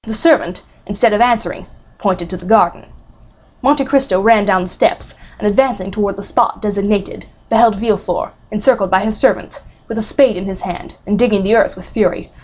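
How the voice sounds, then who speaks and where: A woman narrates a classic novel audiobook in a steady, dramatic reading. Her voice sits in a mid range. The recording is a little dull and lo-fi. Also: medium pitch, fairly quick. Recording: muffled lo-fi recording.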